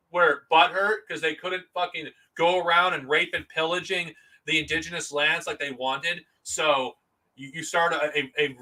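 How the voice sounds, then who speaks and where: His voice is high-pitched, bright and forceful as he delivers a solo live-stream rant. Heavy cursing runs through it, and he trips over his words, restarting and repeating.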